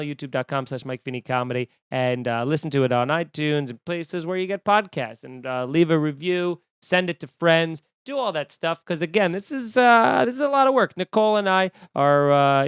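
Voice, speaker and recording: A man's voice: fairly high pitch, clean tone, no room sound, clean studio sound. A young man hosting a comedy podcast, ranting casually and acting out the voices of people he quotes. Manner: animated, acts out quoted voices.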